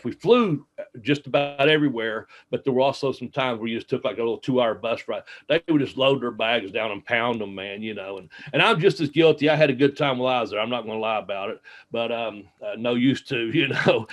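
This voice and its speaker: A man as an interview guest, telling casual stories that ramble, with many fillers and restarts, laughing now and then. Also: medium pitch. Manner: laughs at his own stories. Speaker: interview guest, retired wrestler. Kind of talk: casual storytelling.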